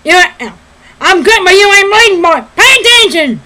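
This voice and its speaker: A woman voicing a blustering, loudmouthed rooster with a Southern US accent who repeats himself, high and loud. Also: expressive, normal speed, slight background noise, full character voice.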